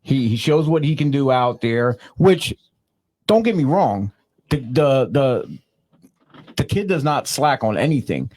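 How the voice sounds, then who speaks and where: Podcast analyst guy, mid-pitched, lots of uhs and restarts. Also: lively intonation, a little mellow. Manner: halting, many fillers and restarts. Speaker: wrestling analyst. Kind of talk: casual podcast chat.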